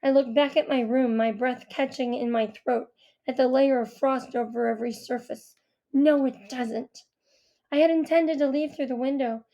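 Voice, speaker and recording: A woman narrating a first-person audiobook in a quiet, reflective way. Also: high voice, fairly even intonation, normal speed, muffled recording. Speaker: audiobook reader.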